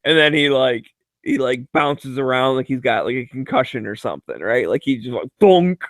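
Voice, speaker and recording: In casual chat, a regular participant laughs his way through crude, joking stories, his delivery loose and packed with fillers, especially "like." He talks a little fast in a medium, fairly bright voice, recorded at studio quality without room sound.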